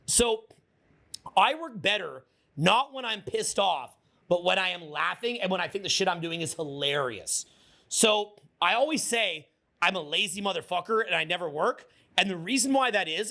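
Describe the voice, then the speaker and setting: A man coaching a live audience in a motivational seminar, energetic, swearing freely and getting the crowd to repeat his words. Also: sits high, creaky. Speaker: social skills coach.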